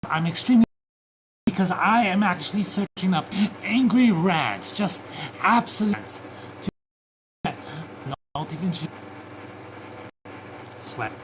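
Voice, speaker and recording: Guy ranting and cussing on a stream, slow draggy talk, faint noise behind. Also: high voice, lively intonation. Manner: loud swearing rants, mutters to himself. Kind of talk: profane ranting stream chat.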